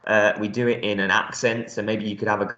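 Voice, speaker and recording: A man's voice: on the low side, level tone, brisk, sharp tone, echoey room, lo-fi sound. A male primary school teacher giving a recorded reading lesson, explaining words step by step in a friendly way with lots of ums.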